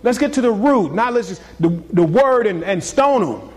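A man preaching a sermon in a husky, slightly high voice. He moves between loud, punchy exclamations and quiet, confiding asides. His delivery is lively and conversational. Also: moderate pace, long reverb tail. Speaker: pastor.

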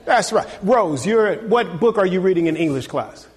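Animated pastor preaching in a reverberant hall. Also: male voice, high-pitched, moderate pace, breathy edge. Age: middle-aged. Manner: animated, teasing, calls for amen. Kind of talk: sermon. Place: church sanctuary.

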